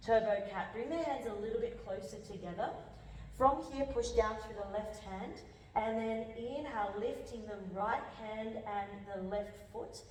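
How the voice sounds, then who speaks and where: A woman leading a power yoga class, calmly cueing breaths and counting down holds while slightly out of breath as she moves along. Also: medium pitch, distant mic, slight background noise. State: a little out of breath. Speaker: yoga instructor. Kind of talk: guided yoga class cues. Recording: echoey hall from off-mic.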